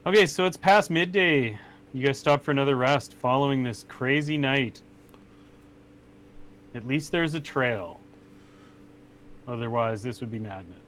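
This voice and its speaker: A man's voice: medium pitch, fairly bright tone, a little hiss or hum. A man narrating a tabletop game as game master, casual and swearing. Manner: casual, swears, voices characters in quick asides.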